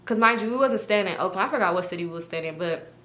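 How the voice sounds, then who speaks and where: A woman's voice: mid-range voice, racing, fairly bright tone. A young woman from Los Angeles telling a storytime to her viewers in casual, slang-heavy chat, acting out everyone's lines. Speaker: storytime vlogger.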